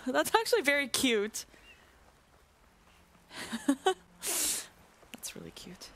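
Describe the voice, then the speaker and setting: A woman's voice: a little high, sing-song, takes it slowly, long pauses, a bit bright. A woman from Canada, a community manager chatting casually while streaming a video game, playful and giggly, sometimes dropping to a whisper. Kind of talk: casual gameplay chat.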